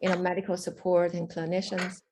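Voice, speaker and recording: A woman interviewer asking gentle, measured questions and giving soft sounds of agreement. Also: lowish voice, completely flat delivery, background noise. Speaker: interviewer, researcher.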